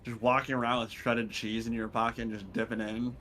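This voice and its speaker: A man's voice: mid-range voice, little pitch movement, a little fast, a bit bright, slight background noise. A man from Virginia with a Virginia accent, teasing and joking as a teammate during a game. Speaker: co-op teammate on stream. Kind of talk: casual gaming banter.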